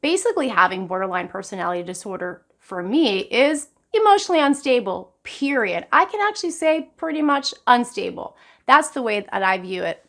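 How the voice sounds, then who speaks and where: A middle-aged woman vlogger talking casually and earnestly to her viewers, addressing them directly and often leaping up in pitch for emphasis. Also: sing-song, a little fast, hardly any pauses, fairly bright tone. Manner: frequent sudden jumps in pitch for emphasis. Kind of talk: casual talk to camera.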